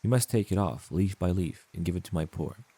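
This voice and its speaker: A man reading aloud, voicing a noble, sorrowful prince statue in a storybook, gentle and solemn. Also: low-pitched, a little fast, slightly rough, dry recording.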